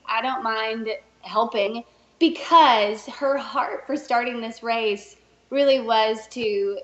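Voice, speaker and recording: A woman guest on a podcast, telling a story in a lively, laughing way and acting out the people she quotes. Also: a little high. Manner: animated, laughs often, puts on voices when quoting. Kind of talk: casual interview storytelling. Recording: roomy and dull, lo-fi.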